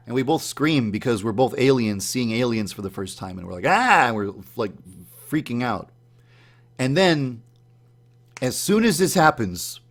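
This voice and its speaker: A man telling the story of a dream in a casual, animated way, acting out his own startled reactions in a higher voice. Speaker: YouTube channel host.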